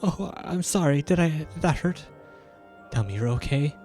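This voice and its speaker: A man voicing a timid, gentle young woman from a video game, reading her lines in a raised, hesitant, girlish voice. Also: lively intonation, brisk, soft background music, lightly acted. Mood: apologetic. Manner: hesitant, apologetic, put-on high girlish voice. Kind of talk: reading game dialogue aloud in character.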